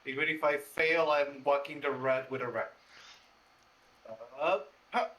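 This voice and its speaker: A man's voice: on the high side, steady tone, measured pace, bright, forceful tone, rough recording. A man playing a tabletop game, talking in a playful, eager way. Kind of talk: casual play at a tabletop game.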